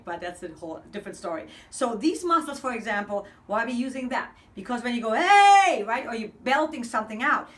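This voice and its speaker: A woman's voice: medium pitch, pushed and bright. A woman vocal coach leading a breathing lesson, counting steadily and speaking in an upbeat, encouraging way.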